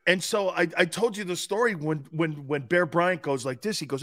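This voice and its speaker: A man co-hosting a sports talk show, telling lively stories and acting out the voices of the people in them. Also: fairly high pitch, moderate pace, few pauses, dry recording, studio quality. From Italian-American family. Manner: animated storyteller, acts out quotes, laughs often. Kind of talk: casual sports talk storytelling.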